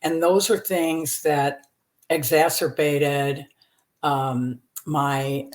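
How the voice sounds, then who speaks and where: Her voice is low and fairly even in intonation, and she draws her words out. A Texas comedian in her seventies, she's a guest on a podcast, telling open, personal stories about her life with frequent laughter and lots of filler words.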